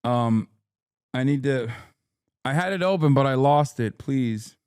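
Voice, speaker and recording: A man giving casual livestream commentary on the news, excitable and profane, swinging into high, incredulous outbursts. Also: unhurried, clean tone, no room sound, clean studio sound. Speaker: streamer reacting to news.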